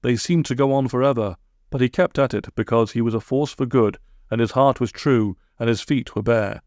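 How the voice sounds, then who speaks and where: A man's voice: mid-range voice, normal speed, no echo. Dry-voiced man reading a storybook. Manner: comic, deadpan asides. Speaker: narrator.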